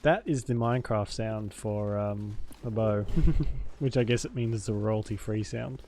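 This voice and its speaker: A man's voice: on the low side, measured pace, a little mellow, slight background noise. A man casually commenting on a game he is playing live, joking and muttering his reactions. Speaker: streamer.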